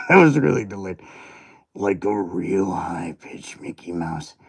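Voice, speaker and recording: A man's voice: low voice, lively intonation, slow, creaky. A man hosting a casual livestream, rambling and self-mocking as he reads viewer comments aloud. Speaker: livestream host. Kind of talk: casual livestream chat while unboxing.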